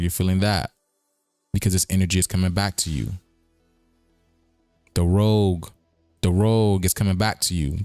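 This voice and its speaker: A man's voice: lowish voice, darkish tone, no room sound. A man hosting a casual livestream, talking in a rambling, repetitive way with chuckling asides. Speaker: streaming show host.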